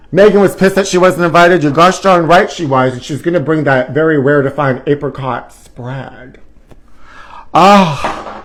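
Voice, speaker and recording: Campy, flamboyant man hosting comedy. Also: on the high side. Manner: flamboyant, drawn-out words, sudden squeals. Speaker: comedy show host. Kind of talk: campy live comedy chat.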